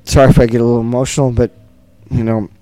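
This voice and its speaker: A man's voice: medium pitch, level tone, rapid-fire, dark tone, no room sound, soft background music. A middle-aged man, a concert producer, talking earnestly and repetitively in a festival interview.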